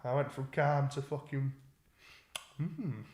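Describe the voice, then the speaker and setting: A man's voice: medium pitch, steady tone, slow, darkish tone. A young man, co-hosting a podcast and telling a story in casual chat, swearing and restarting often. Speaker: podcast co-host. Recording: echoey room.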